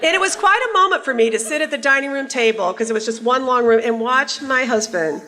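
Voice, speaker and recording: A woman's voice: high-pitched, animated, fast, very noisy. A woman in her sixties giving a conference keynote in a large hall, a wry, conversational storyteller who teases the audience. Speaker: keynote speaker.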